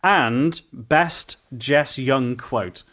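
A man's voice: medium pitch, extremely slow, fairly bright tone. A man hosting a podcast in casual chat, rambling with many fillers and swearing freely. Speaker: podcast host.

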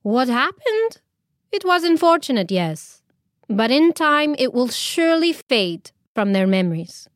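A woman storyteller voicing a gentle, loving wife who speaks softly and soothingly. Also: high-pitched, big pitch swings, no echo, clean studio sound, voice pushed up. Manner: soft, soothing, slow comfort.

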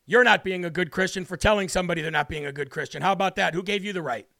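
A high, bright-toned man hosting a talk show, delivering a brash and emphatic monologue in a preachy way. His voice sits in a dry, close sound with no room around it. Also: racing, vocal fry, no echo. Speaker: political talk show host. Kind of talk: opinionated monologue with scripture reading.

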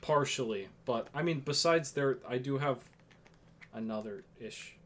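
A man chatting casually as a podcast co-host, hesitant and halting as he gathers his thoughts. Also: medium pitch, fairly bright tone, slight background noise. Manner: hesitant, halting, restarts words. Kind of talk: casual chat.

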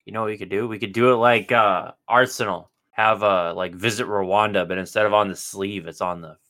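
A man's voice: fairly low pitch, fairly even intonation, brisk, pushed and bright, no echo. A man co-hosting a podcast in casual chat, making dry joking quips. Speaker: podcast co-host.

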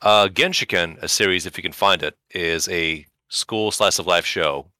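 A man co-hosting a casual podcast, recommending shows to his friends with animated, wry humor. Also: low voice, normal speed, no room sound, studio quality. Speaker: podcast co-host. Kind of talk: casual chat.

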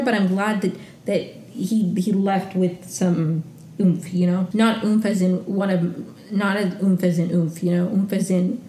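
A woman hosts a solo podcast in a loose, gushing way, with "like" everywhere. Her voice is mellow and relaxed, sitting mid-pitch. The room around her rings a bit. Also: roomy sound, slight background noise. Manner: chatty and gushing, peppered with "like". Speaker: podcast host recapping reality TV. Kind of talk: casual solo recap.

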